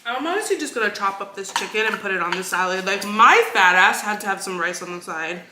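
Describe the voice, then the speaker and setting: A chatty young woman vlogging from her kitchen, bright and forward in tone. She talks between bites, loose and casual. The room is echoey, with faint clatter of dishes behind her. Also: medium pitch, expressive, fairly quick, a little hiss or hum. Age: young adult. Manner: chatty, talks while eating. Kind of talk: casual vlog chat.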